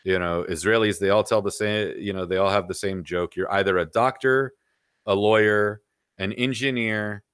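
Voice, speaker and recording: Man in his 40s, podcast guest, low-pitched, dry close sound, opinionated, lists examples. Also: steady tone, moderate pace, a bit bright, clean tone, no echo. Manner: opinionated, lists examples, leans on "you know". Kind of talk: casual interview talk.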